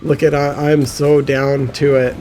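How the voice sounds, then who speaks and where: A man giving casual gameplay commentary, excitable, often laughing and swearing when he gets frustrated. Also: a little high, measured pace, faint music behind. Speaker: gaming commentator.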